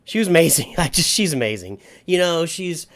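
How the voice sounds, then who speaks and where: Man, middle-aged, fairly high voice, livestream host, casual rambling chat, nostalgic. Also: very animated, a little fast, a bit bright.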